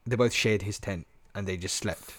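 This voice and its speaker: A man telling travel stories on a podcast, animated and slangy, full of "bro" and "like". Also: on the low side, normal speed, no echo. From England. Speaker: podcast host. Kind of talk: casual storytelling chat.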